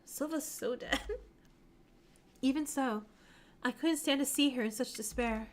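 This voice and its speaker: Brief: woman streamer narrating a visual novel, casual read with slips, high voice. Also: slow, a little hiss or hum. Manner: reads narration with small slips and self-corrections. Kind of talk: reading a visual novel aloud on a live stream.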